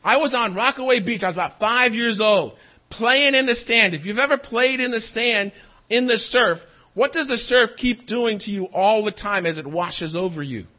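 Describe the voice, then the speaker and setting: Very high-voiced male pastor preaching. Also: normal speed. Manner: animated, asks the congregation questions. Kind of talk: sermon. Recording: dull lo-fi recording.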